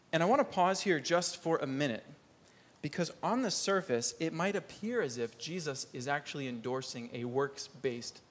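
A man giving a sermon, earnest and steady in his teaching. His voice sits a little high for a man. He rises for emphasis and sinks low and quiet to drive a point home. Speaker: preacher.

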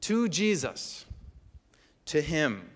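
A male pastor with a fairly high voice delivers a sermon. He speaks in a measured, emphatic way and keeps turning to the listeners with rhetorical questions. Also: big pitch swings.

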